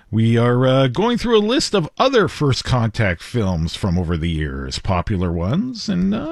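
A man's voice: medium pitch, no echo. A man hosting a call-in radio show, upbeat and chatty, taking callers in a studio. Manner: upbeat, chatty, quick laughs. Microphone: studio mic.

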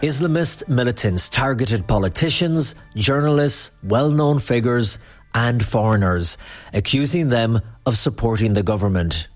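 A man reporter reading scripted narration in a clear, steady way. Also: mid-range voice, measured pace.

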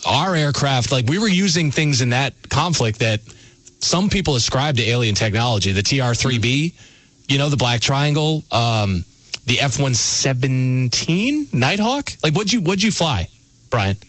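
Man, radio call-in host, studio mic, dry sound, energetic. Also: medium pitch, moderate pace, no room sound. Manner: energetic, takes calls.

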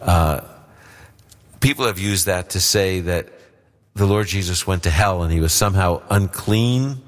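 A man's voice: sits low, unhurried, long reverb tail. A man hosting a radio Bible question show, explaining verses plainly and checking that listeners follow.

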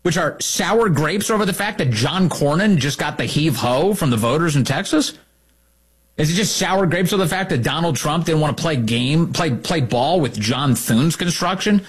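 A male political commentator with a husky voice that sits a little high, swinging his pitch widely as he makes his points. He sounds sarcastic and indignant and hits his key words hard. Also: expressive, moderate pace.

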